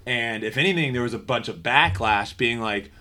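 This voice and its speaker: A man hosting a casual sports podcast, talking animatedly and steering the discussion. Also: medium pitch. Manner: animated, steers the topic, quick asides. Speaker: podcast host.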